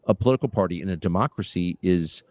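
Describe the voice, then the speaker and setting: A middle-aged man, a political commentator, speaks in an earnest, deliberate way in an interview clip. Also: deep voice, a little mellow, dry recording.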